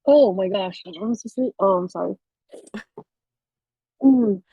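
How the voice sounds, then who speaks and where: A young woman chats on a video call with her book club, quick to apologize. Her voice is husky and mellow, and she talks unhurriedly. The sound is dry and close to the mic. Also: medium pitch, dry recording, lo-fi sound. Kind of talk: casual chat.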